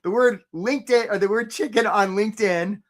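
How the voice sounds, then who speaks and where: A man hosting a live career webinar, coaching casually with jokes and giving shout-outs to viewers by name. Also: sits high, brisk. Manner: energetic and joking, breaks into short mocking impressions of job seekers.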